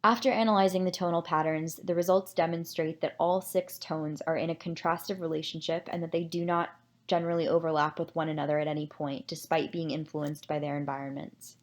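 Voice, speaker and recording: Woman with a lowish voice going over a study, measured and explaining, the odd um. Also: flat delivery. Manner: measured, explanatory, with occasional fillers. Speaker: presenter summarizing a research paper. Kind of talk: scripted academic presentation.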